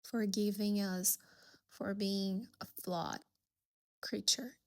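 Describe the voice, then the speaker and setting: A woman hosting a solo podcast, telling a story in a gentle, reflective way. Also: medium pitch, fairly even intonation, slow. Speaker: podcast host.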